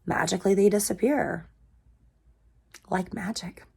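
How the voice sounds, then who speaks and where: A woman in her thirties giving an earnest parenting pep talk to camera, asking viewers direct questions and dropping into soft breathy asides. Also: mid-range voice, a little slow. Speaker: parenting vlogger.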